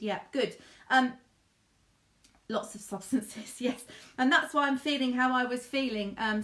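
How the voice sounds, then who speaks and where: A middle-aged woman gives a live psychic reading in a high, light voice. She keeps up a chatty flow, calling her listeners darling and love. The room around her rings with echo. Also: a bit bright. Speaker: psychic medium.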